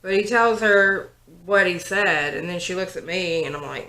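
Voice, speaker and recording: A young woman chats through a makeup routine, telling a story with plenty of likes and ums. Her voice is bright and pitched a little low for a woman. The sound carries the echo of a bare room. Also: normal speed. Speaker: vlogger, 911 operator. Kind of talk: casual get-ready-with-me chat. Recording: roomy home recording.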